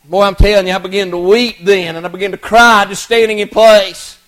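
Man, middle-aged, preacher; high-pitched, folksy storytelling sermon. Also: steady tone, a little fast, a bit bright, rough recording. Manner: folksy, earnest, many restarts and repeated words.

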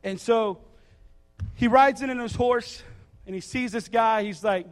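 Animated high-voiced man preaching in a hall. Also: measured pace. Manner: casual, joking, animated storytelling. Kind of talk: sermon. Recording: reverberant hall.

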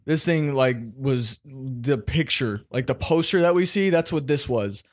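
A man's voice: medium pitch, measured pace. A man hosting a casual podcast chat, telling stories animatedly and swearing freely.

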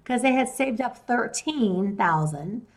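A woman's voice: fairly high pitch, lively intonation, slow, low-quality recording. Chatty woman. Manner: chatty, retells conversations in quoted voices. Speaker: podcast host and real estate investor. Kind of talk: casual storytelling.

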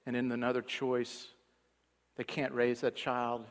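A male pastor preaching with a storyteller's pull, pressing some lines out loud and letting others drop almost to a murmur. His voice sits at an ordinary middle pitch. It rings through a space with a long, lingering reverb. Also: monotone, a little slow. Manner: storytelling, swinging between loud emphasis and hushed low passages. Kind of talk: sermon.

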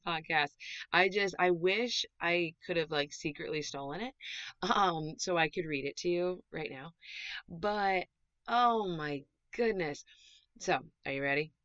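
A woman hosting her own podcast as a dog trainer, chatty and animated, gushing as she talks in a casual way. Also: low voice, measured pace, clean tone, no room sound. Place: small closet recording space. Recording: dull, dry closet recording.

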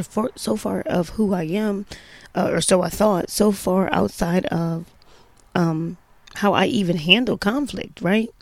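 A woman with a low, gravelly voice tells a personal story in a loose, chatty way. She leans on emphasis and sprinkles in plenty of "you know"s. The sound is dry and close, with no room around it. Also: darkish tone, no echo. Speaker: mother telling a personal story.

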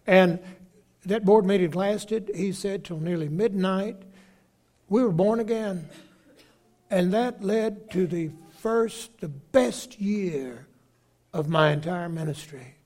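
High-voiced older bishop with lilt. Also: male voice, a little mellow. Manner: storytelling, acting out quoted voices, halting restarts. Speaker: bishop preaching. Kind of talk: sermon.

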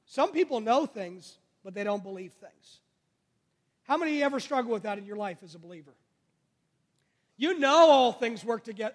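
Male pastor, very high voice, call-and-response sermon, long church reverb. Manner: call-and-response preaching, rising and falling in volume.

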